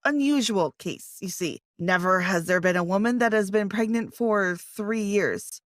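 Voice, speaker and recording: A woman narrator voicing a calm, formal male doctor in an animated story, speaking in a measured way. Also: medium pitch, no room sound, studio quality, close to an everyday voice.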